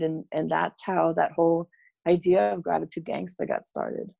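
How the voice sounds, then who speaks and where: A middle-aged woman who used to teach tells conversational stories as a podcast guest, doing voices for the people she describes. Her voice sits on the low side, level and dark, with vocal fry at a normal speed. The audio is dull but dry and close, with no room echo.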